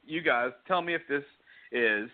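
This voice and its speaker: A man's voice: medium pitch, lively intonation, moderate pace. A man hosting a quiz bit on a casual podcast, hesitant and repeating himself as he reads out names. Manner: hesitant, repeats himself while reading lists. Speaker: podcast co-host running a quiz game. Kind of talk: casual chat. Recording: tinny phone-like audio.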